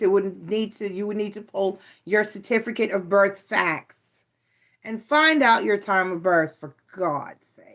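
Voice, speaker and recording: A woman's voice: mid-range voice, fairly bright tone. Middle-aged woman, casual tarot host, playful and teasing, close mic. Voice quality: chatty, playful, teasing asides. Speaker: tarot reader and channel host. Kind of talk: casual chat to viewers.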